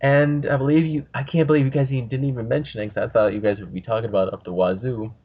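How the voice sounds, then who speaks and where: A man's voice: mid-range voice, fairly even intonation, fast talker, slightly rough. A man hosting a casual podcast, rambling and swearing freely as he talks. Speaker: podcast host. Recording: muffled lo-fi audio.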